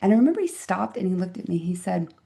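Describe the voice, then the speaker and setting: A woman's voice: fairly low pitch, big pitch swings, fast talker, creaky, dark tone. A woman in her fifties, a physician guest on an interview podcast, telling stories in an earnest, reflective and emphatic way. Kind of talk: conversational interview storytelling.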